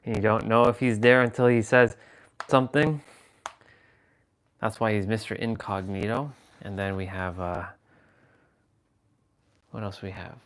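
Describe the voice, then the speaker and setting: A man's voice: fairly low pitch, steady tone, unhurried, long pauses. A man hosting a live stream, rambling casually and playfully as he chats with his viewers. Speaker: livestream host.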